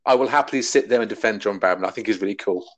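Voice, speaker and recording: A man's voice: lowish voice, rapid-fire. A man hosting a casual geek chat podcast, talking animatedly and laughing often. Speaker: podcast host. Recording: dull lo-fi sound.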